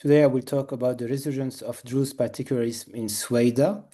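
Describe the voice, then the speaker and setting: A man's voice: medium pitch, fairly even intonation, a little fast, mellow. A man with a French accent giving an academic conference presentation, hesitant with frequent fillers and restarts. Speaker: conference panelist.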